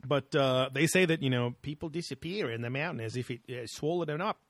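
A man's voice: mid-range voice, fairly quick, fairly bright tone, no echo. Rambling, laughing podcast man. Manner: rambling, laughs often, swears casually. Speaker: podcast co-host. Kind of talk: casual chat.

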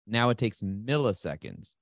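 A middle-aged man talking as an interview guest, fast and enthusiastic, repeating key words for emphasis. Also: lowish voice, expressive, no room sound, clean studio sound. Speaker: guest, marketing agency CEO. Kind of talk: energetic interview talk.

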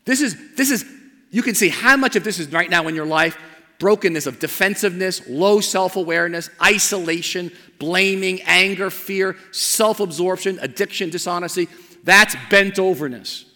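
A man preaching a sermon as pastor of his church. He builds to emphatic repeated lines, then drops to a soft, slow invitation. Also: high-pitched. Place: church sanctuary. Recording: long church hall reverb.

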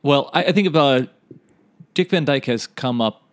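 A man's voice: mid-range voice, normal speed, dry recording. A man co-hosting a comedy podcast, chatting casually in a rambling way and laughing at his own jokes. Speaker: podcast co-host.

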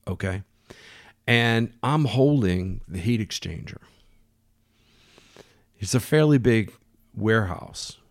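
Gravelly man telling a story. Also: on the low side, dry recording, clean studio sound. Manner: animated, restarts phrases. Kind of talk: casual anecdote.

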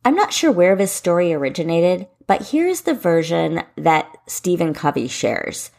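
A woman's voice: fairly low pitch, big pitch swings, unhurried, gravelly, darkish tone. A woman in her forties hosting a solo podcast, giving running tips in a direct, encouraging way. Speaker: podcast host and running coach.

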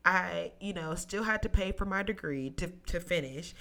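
A woman's voice: lowish voice, normal speed, vocal fry. A young woman hosting a solo podcast, telling a personal story with emotion, close to tears at times, and calling her listeners "y'all". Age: young adult. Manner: emotional, near tears, testimony-like; animated, addresses listeners as y'all. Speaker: podcast host.

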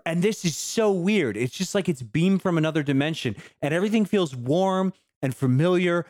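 A man co-hosting a podcast in casual chat, animated and laughing, swearing often. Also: on the high side, moderate pace, no echo, clean studio sound. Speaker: podcast co-host.

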